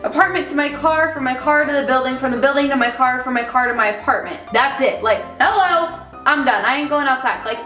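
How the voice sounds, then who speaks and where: A young woman vlogger telling a story about her daycare job, chatty and animated, acting out the people in it. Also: high voice, brisk, echoey room, distant mic, soft background music, low-quality recording. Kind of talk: casual storytelling vlog.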